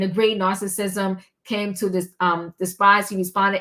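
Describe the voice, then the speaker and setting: A woman's voice: medium pitch, fairly even intonation, fairly bright tone. An older woman talks through a long text in a casual vlog, reading it aloud and stopping often to say um or start a line over. Her voice sits in the middle range for a woman. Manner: halting, with many ums and restarts. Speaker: commentary vlogger.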